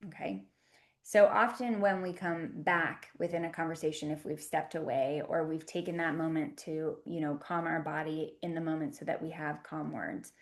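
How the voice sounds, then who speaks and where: A low-voiced woman, a communication teacher, speaks calmly to camera in an instructional talk. Her delivery is gentle and conversational, sprinkled with "you know" and "right?" asides.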